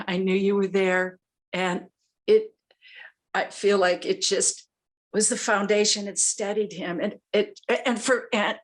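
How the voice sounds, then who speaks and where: A woman giving a heartfelt memorial tribute, teary and halting, pausing often as she searches for words. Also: medium pitch. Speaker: student speaking at a memorial.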